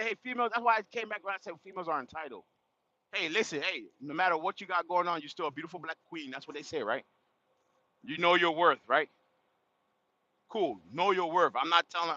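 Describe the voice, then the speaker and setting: His slightly high, sharp voice carries a slangy, casual story to his livestream chat, punctuated by frequent laughs and exclamations. The audio is dull and lo-fi, with no room sound.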